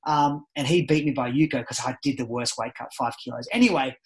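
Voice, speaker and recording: This podcast guest, a judo coach and ex-Olympian who is a parent at home, talks a little fast in a medium-pitched, slightly rough voice. His casual, animated storytelling keeps restarting, and the recording quality is rough.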